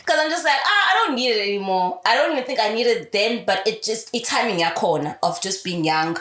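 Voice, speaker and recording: Young woman, radio personality as a guest; frank and animated, curses freely, mid-pitched voice in a roomy, echoing space. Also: quick pace. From South Africa. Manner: candid, swears freely, animated. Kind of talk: casual interview. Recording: roomy echo.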